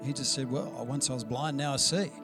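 A man's voice: mid-range voice, fairly even intonation, brisk, over music. A man preaching a sermon in a conversational, storytelling way, acting out the dialogue he quotes. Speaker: pastor.

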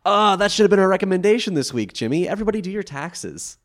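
Man, podcast co-host, animated pitch, dry close sound, casual recap, swears a lot. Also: fast talker, dry recording. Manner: animated, swearing, acts out quotes.

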